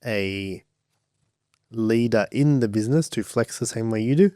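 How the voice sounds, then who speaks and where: Man, podcast co-host, probing interviewer, warm low-toned voice, dry sound. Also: measured pace, dry recording. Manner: probing, interrupts to pin down wording. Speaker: podcast co-host asking questions. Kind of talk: casual podcast discussion.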